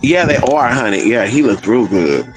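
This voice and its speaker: A livestream host chats casually and tells gossipy stories with plenty of sass, calling listeners girl and honey. His voice swoops through big pitch swings at a moderate pace, over background music in a low-quality recording.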